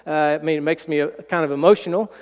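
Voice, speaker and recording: A middle-aged man with a drawl preaches a sermon, telling stories in a folksy way. His voice is high and smooth, and it drops to a hush when he is moved. The long reverb of a church sanctuary hangs behind every word. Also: steady tone, fast. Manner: folksy, storytelling, drops to a hushed voice when emotional. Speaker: pastor.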